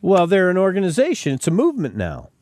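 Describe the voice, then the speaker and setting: High, animated man ranting on a podcast. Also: fast talker. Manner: emphatic, repeats words when starting sentences. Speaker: podcast host. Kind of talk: opinionated commentary.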